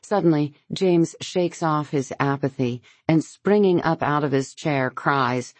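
A woman reads an audiobook in a very deep, unhurried voice. Her delivery is measured and even, recorded close and dry with no room sound. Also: dry recording. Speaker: audiobook narrator. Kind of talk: scripted narration.

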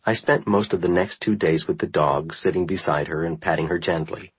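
Deep husky male memoir narrator. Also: fairly quick, no room sound, low-quality recording. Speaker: audiobook narrator. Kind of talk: first-person memoir narration.

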